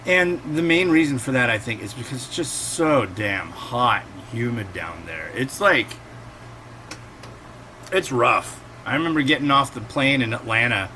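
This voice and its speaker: Bright-voiced rambling man, casual vlog. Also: medium pitch, lively intonation, measured pace, slight background noise. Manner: rambling and digressive, acts out quotes. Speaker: instant noodle reviewer and host. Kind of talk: casual chatty cooking vlog.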